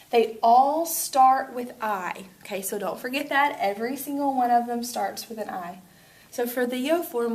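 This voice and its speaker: A woman's voice: on the high side, darkish tone. A woman teaching a Spanish lesson to students, upbeat and chatty with playful asides. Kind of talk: classroom lesson video.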